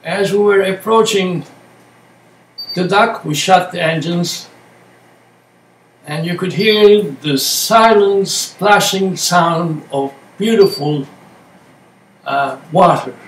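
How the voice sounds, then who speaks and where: A man speaking as a meditation teacher in a slow, reflective way, using short, halting phrases and plain words. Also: high voice. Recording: echoey room, distant mic, faint noise.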